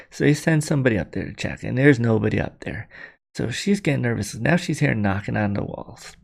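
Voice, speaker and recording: A man's voice: mid-range voice, lively intonation, a little fast, a little mellow. A man telling a spooky story to camera in a casual, rambling, conversational way. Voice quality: gravelly.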